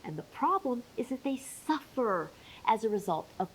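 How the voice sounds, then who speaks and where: Woman teaching on camera, lively up and down voice, bit of hiss behind. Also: a little high, normal speed, rough recording. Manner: clear, emphatic explaining with playful asides. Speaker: menopause educator. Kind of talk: educational video talk.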